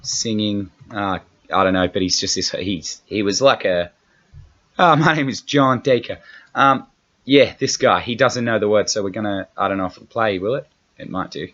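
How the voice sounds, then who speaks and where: Australian male comic host, low-pitched, loose profane patter, dull recording. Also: normal speed, fairly bright tone. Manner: rambling, profane, self-mocking. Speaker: comedian podcast host. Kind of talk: casual comedic chat. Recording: dull lo-fi podcast audio.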